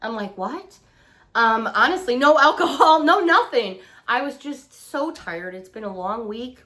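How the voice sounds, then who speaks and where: A woman's voice: a little high, lively intonation, moderate pace, pushed and bright. A woman chatting casually as she shows off a shopping haul from her couch at home, still getting over being under the weather. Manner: chatty, gushing exclamations. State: recovering from feeling under the weather. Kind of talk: casual chat. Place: living room couch at home.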